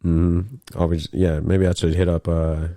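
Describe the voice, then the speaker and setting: Deep-voiced young man rambling on a podcast. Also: a little slow. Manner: rambling, animated, loose with profanity. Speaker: podcast host. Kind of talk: casual chat.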